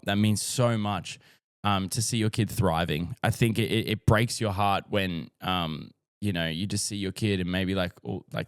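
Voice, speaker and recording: A man's voice: lowish voice, dry recording, clean studio sound. An Australian man and dad talking casually to camera, rambling and heartfelt, swearing often and filling with "like". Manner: rambling, sweary, says "like" a lot; openly emotional and heartfelt. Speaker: dad vlogger.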